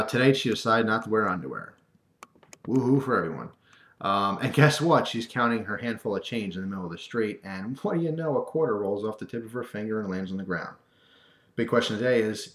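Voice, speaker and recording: Lowish-voiced man ranting in an echoey room. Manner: animated, acts out quoted voices, wry asides. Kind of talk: casual rant to camera.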